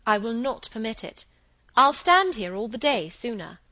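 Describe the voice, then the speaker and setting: A woman's voice: a little high, big pitch swings, normal speed, pushed and bright. A woman reading as a firm, resolute Edwardian lady. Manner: crisp and resolute. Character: composed, firm Edwardian woman defending her sister. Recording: slightly dull recording.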